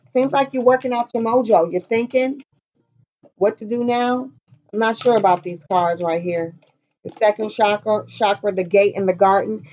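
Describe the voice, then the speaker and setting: A woman's voice: medium pitch, darkish tone, highs cut off. A woman giving a casual, blunt tarot reading, chatty and profane, talking straight to her viewers. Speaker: tarot reader.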